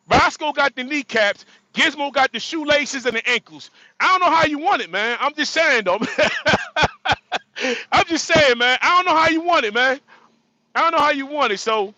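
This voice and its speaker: High bright joking trucker man. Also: no echo, low-quality recording. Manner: joking, repetitive, frequent laughter. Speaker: livestream host; truck driver. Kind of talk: casual livestream talk.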